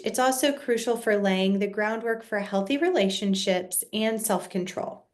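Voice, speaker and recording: Woman counselor talking parents through boundaries, calm and steady, medium pitch, restarts a word now and then. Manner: calm, measured explaining with occasional restarts. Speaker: child and family counselor. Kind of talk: educational parenting video.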